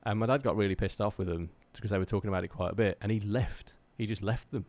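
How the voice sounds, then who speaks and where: An English man talks to his live-stream chat in a slightly low voice. He rambles with plenty of fillers and restarts, but stays earnest and fired up as he urges listeners to keep pushing toward their creative goals. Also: fast talker, darkish tone, dry recording. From England.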